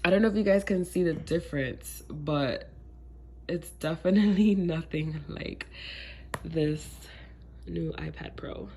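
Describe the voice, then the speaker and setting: A woman with a slightly low, gravelly voice, stuffed up from a cold, talks through a casual unboxing vlog. She is laid-back and chatty, with lots of ums and easy slang. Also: unhurried, darkish tone, slight background noise. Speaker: tech vlogger.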